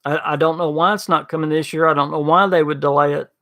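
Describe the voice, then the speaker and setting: A man's voice: a little high, fairly even intonation, fast, bright, forceful tone. A man hosting a gaming podcast livestream, rambling casually, stumbling over restarts and answering chat messages by name. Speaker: podcast host reading live chat.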